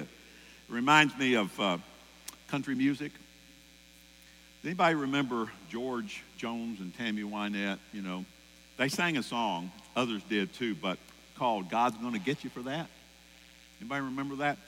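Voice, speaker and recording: A man preaching a sermon, animated, acting out voices and singing lines. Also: fairly high pitch, moderate pace. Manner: animated, acts out voices and sings song lines. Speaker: pastor. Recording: long hall reverb with mains hum.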